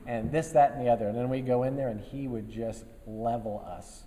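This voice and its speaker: A man in his fifties, an army general, giving a relaxed after-lunch speech to a business group, telling folksy stories with dry humor and many fillers. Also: medium pitch, brisk, few pauses. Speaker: guest speaker, army general. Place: meeting room before a live audience. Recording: long reverb of a meeting hall.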